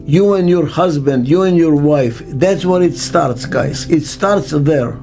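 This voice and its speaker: A man's voice: on the high side, unhurried, mellow, soft background music. An older man working as a business consultant, answering interview questions in short, emphatic sentences and asking rhetorical questions. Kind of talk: interview answer, speaking to camera.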